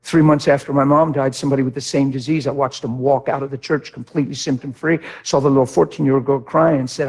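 A man preaching a sermon with passion, moving between shouted lines and quiet, reflective ones. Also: medium pitch, fairly even intonation, quick pace, few pauses. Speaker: pastor.

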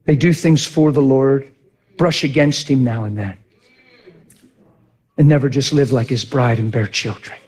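A man preaching a testimony in animated storytelling, swinging from shouts to hushed near-whispers. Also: medium pitch, unhurried, long pauses. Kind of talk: sermon testimony.

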